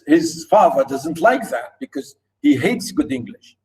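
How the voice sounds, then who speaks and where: A man's voice: fairly high pitch, big pitch swings, unhurried, hardly any pauses, a little mellow, low-quality recording. A man teaching a literature lesson, explaining a passage by restating points again and again with emphasis. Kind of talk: recorded literature lecture.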